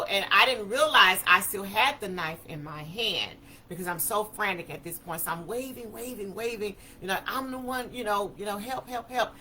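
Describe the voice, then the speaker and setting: A woman tells her story in a bright, forceful voice. She talks in an animated way, acting out each quote as she speaks. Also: on the low side, slight background noise. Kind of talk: personal testimony talk.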